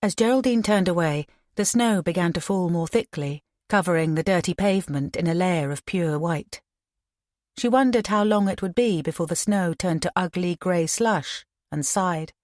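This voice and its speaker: A woman reading a crime novel aloud in an even, measured way, her voice sitting in a somewhat low register. The recording is very dry and close, with no room sound. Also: no echo. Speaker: audiobook narrator. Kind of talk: scripted narration.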